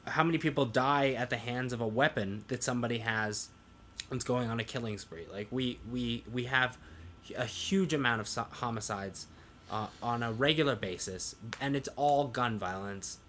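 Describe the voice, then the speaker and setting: Young male podcast co-host, bright voice, earnest and explanatory, faint hiss behind. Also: mid-range voice, normal speed. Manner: earnest, explanatory, restarts sentences. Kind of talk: casual chat.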